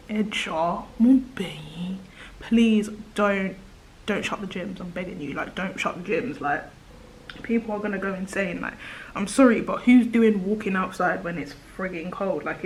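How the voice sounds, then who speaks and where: A woman's voice: fairly low pitch, low-quality recording. Woman in her twenties, casual get-ready-with-me vlogger, rambly and full of "like", drops to whispers, filmed on a tripod camera at home with faint background noise. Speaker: beauty vlogger. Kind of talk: chatty get-ready-with-me monologue. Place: at home doing makeup.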